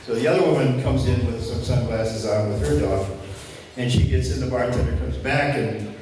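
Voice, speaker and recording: A man emceeing a talent show, telling a joke in a casual, halting way with fillers. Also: medium pitch. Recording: echoey hall from far off, noisy.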